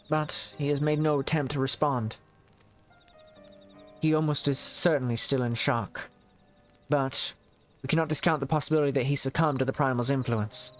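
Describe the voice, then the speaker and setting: A grave, formal official, read aloud by a man who weighs every word. Faint game music runs underneath. The voice stays mid-pitched and steady. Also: close to an everyday voice. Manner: measured, formal reading.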